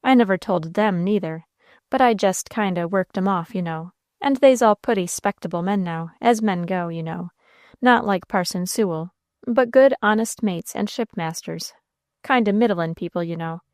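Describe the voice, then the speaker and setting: A woman voicing a gruff but kindly old male sea captain who talks in a slow, folksy rural dialect with a confidential tone. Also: mid-range voice, darkish tone, no room sound, clean studio sound, close to an everyday voice.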